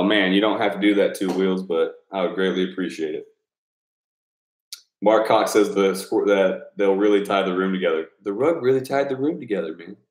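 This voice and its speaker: A YouTube creator with a lowish voice thanks his patrons in a casual live chat, rambling loosely, swearing freely and laughing a lot. His room rings with a noticeable echo.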